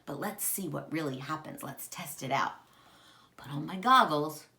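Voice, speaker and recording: A woman teaching a kindergarten lesson, talking directly to young children in a warm, exaggerated teacher voice with wide swings. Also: animated, a little hiss or hum. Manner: slow, sing-song teacher voice with big pitch swings.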